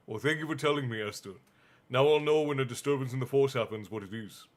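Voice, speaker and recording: Relaxed man reading a bedtime story. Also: medium pitch, fairly quick. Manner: relaxed, chatty, answers the chat aloud. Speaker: stream host and reader. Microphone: streaming mic.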